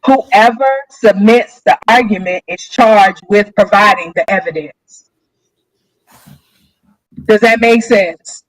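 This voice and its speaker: A woman giving a live-streamed lecture. She talks casually, checks in often with her audience, and rereads definitions slowly. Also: mid-range voice, no room sound, poor audio. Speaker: lecturer presenting a livestreamed session.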